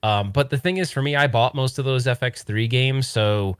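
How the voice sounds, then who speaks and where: A man's voice: mid-range voice, moderate pace, clean tone, no room sound, studio quality. A man co-hosting a casual livestream about retro arcade gear, rambling with lots of restarts and laughs.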